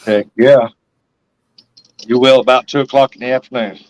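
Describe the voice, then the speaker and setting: A man's voice: mid-range voice, fairly even intonation, normal speed, no echo, low-quality recording. A man hosting a live stream, rambling casually and laughing often. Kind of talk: casual chat.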